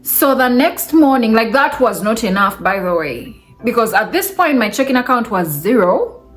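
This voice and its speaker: A woman vlogger telling a personal story in a casual, animated way, often breaking into laughter. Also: on the high side, moderate pace, soft background music. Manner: animated, laughs between remarks.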